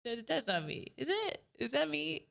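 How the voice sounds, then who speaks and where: A woman in her late twenties, a streamer chatting casually while reacting to old clips, laughing often, swearing freely and breaking into loud excited outbursts. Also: sits high, moderate pace, gravelly.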